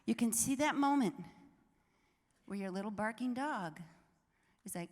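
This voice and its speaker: An older woman, an author and inspirational speaker, giving an energetic, exhorting live talk to an audience and laughing often. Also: a little high, measured pace, pauses often. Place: large hall with live audience. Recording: reverberant hall sound.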